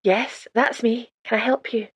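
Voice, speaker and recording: Woman doing an elderly midwife, faint Scottish accent, raised pitch, slow and motherly. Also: steady tone, slightly rough, no room sound. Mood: warm. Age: older. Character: warm, sprightly elderly woman, a retired midwife.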